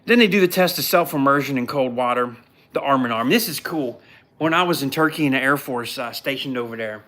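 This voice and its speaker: A man hosting a live podcast, recapping a television show in a blunt, mocking, animated way. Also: medium pitch, a little fast.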